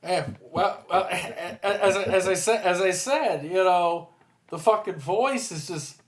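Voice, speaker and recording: A man's voice: high voice, takes it slowly. A man hosting a casual fan discussion, hesitant and rambling, with crude jokes. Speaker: host of fan ranking discussion. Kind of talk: casual chat.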